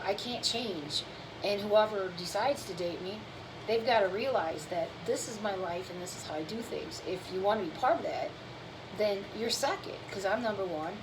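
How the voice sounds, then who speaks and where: A woman's voice: medium pitch, noisy background. A woman hosting her own cooking channel, chatting casually and candidly with viewers while tired and yawning. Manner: rambling, candid, talks about fitness and feelings.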